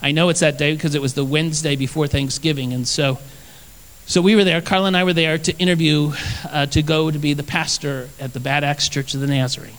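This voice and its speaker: High-voiced man preaching in a big reverberant hall. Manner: earnest, lively storytelling with repeated phrases. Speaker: pastor. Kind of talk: sermon with personal storytelling.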